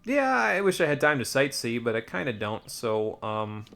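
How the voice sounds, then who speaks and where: A man's voice: mid-range voice, sing-song, moderate pace, vocal fry, fairly bright tone. A man giving casual, rambling commentary while playing a video game, with wry muttered asides. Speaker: let's play streamer.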